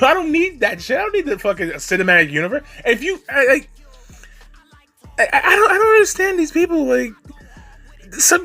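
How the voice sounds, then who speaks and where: A man's voice: very high voice, pushed and bright. A man giving ranting video commentary, exasperated and profane, breaking into laughs between points.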